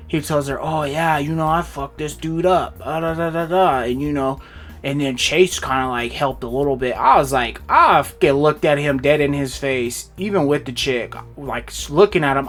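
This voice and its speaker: Young male vlogger, mid-pitch, casual animated storytelling, faint music bed. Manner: animated retelling with voiced quotes.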